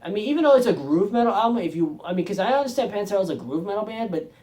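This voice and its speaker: Rapid-fire and animated, this man's high, slightly mellow voice carries his casual music video channel talk. He rambles, corrects himself repeatedly and chuckles throughout.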